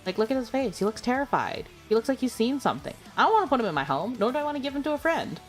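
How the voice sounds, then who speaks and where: A woman's voice: fairly high pitch, big pitch swings, very fast, faint music behind. A woman streamer chatting casually with viewers, giggling often and filling her talk with "like" and "you know.". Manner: chatty and giggly, full of filler words. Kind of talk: casual chat.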